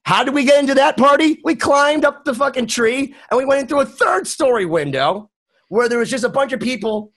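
A man in casual podcast chat, telling a story with lively swings in his voice for quoted friends. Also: very high voice, fairly quick.

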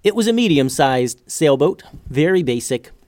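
A man narrating an adventure storybook in a steady, measured way. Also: a little high, no echo, studio quality.

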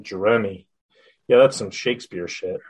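A man's voice: fairly low pitch, moderate pace, darkish tone, breathy edge, rough recording. A man in a casual movie reaction chat who laughs often and quotes the characters in put-on voices. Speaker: movie watcher.

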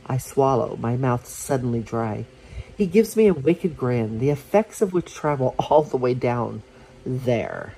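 A podcast host reading an erotic story in slow, expressive first-person narration. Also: mid-range voice, slight background noise, poor audio.

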